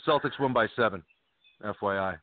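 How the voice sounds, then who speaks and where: A man's voice: on the low side, brisk, no room sound. A man hosting a casual sports podcast, telling joking stories with some swearing. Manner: loose, joking storyteller who swears. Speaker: podcast host. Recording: phone-like dry line.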